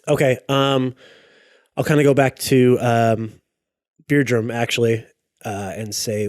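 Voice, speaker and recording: A man's voice: medium pitch, level tone, measured pace, pauses often, dry recording. Man, tabletop player, easygoing, hesitant, dry sound. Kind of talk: playing a tabletop game.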